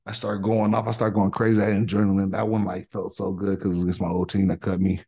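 Middle-aged guy with a low gravelly husky voice, hyped up telling football stories on a podcast. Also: fast talker. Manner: animated, excitable storytelling with slang. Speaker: podcast guest, former NFL offensive tackle. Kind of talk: casual storytelling.

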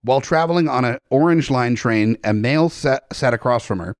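A man's voice: medium pitch, a little fast, no room sound. A man co-hosting a casual comedy podcast, reading out a police report with joking asides. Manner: joking, reads a news story aloud with asides. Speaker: podcast co-host.

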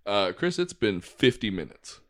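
A young man with a lowish voice that swings widely in pitch, bantering as a podcast co-host. He is sarcastic and throws mock insults. His delivery is animated and casual. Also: unhurried. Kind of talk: casual chat.

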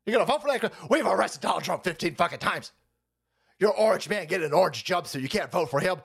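A man's voice: high voice, quick pace, vocal fry, breathy edge. A man hosting a profane, sarcastic political comedy rant on his stream. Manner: animated, foul-mouthed, sarcastic. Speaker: streamer host.

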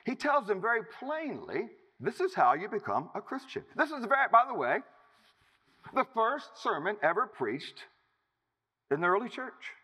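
Man preaching a sermon, high lively voice, emphatic with big pauses, echoey church hall. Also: husky. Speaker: pastor.

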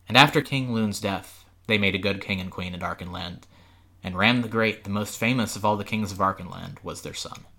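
A man reads a storybook aloud for a podcast in steady, expressive narration. His voice is low but bright and forceful. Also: fairly quick. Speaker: podcast host, reader.

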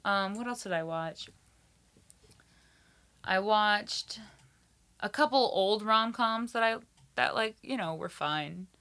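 Woman on a podcast ranting about movies, bright voice, says like a lot, cusses casually. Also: mid-range voice, slow, long pauses. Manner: animated storytelling, many "like" fillers, swears freely. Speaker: podcast guest. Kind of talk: casual chat.

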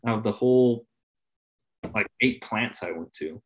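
A man in casual conversation, laid-back, swearing freely and trailing off softly at the ends of his phrases. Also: on the low side, moderate pace, pauses often. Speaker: podcast guest. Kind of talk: casual chat.

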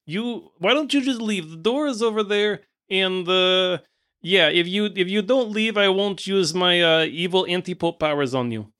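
A man's voice: high voice, moderate pace, a bit bright, clear, resonant tone, voice pushed up. A man voicing a scheming hooded male anti-pope villain with a put-on accent, pompous and over-explaining. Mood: dismissive.

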